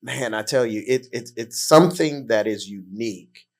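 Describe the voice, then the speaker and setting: A man's voice: mid-range voice, moderate pace. A man hosting a podcast in casual chat, supportive and affirming as he responds to his co-host. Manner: supportive, lots of affirming "yeah".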